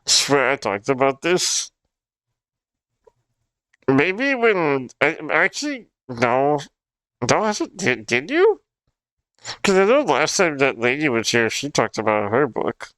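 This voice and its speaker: A man's voice: mid-range voice, big pitch swings, slow, fairly bright tone, no room sound, studio quality. A young man from Ottawa, chatting casually on a livestream, incredulous and laughing through his words. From Ottawa, Canada. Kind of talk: casual livestream chat reacting to videos.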